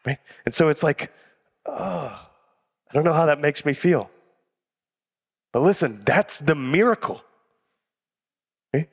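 A man's voice: on the high side, lively intonation, moderate pace, pauses often, breathy edge. A man preaching a casual sermon as a youth pastor, conversational and slangy, often asking the audience questions. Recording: reverberant hall.

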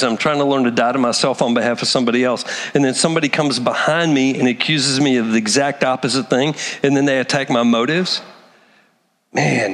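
A man preaching a sermon, animated, acting out the voices of people he quotes. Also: medium pitch, big-room sound. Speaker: pastor.

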